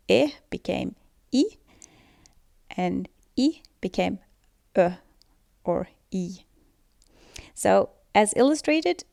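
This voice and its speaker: Creaky-voiced woman presenting a lesson. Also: medium pitch, a little mellow, no echo, studio quality. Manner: explanatory, reading from a script with small fillers. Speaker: student presenter. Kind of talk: school presentation voice-over.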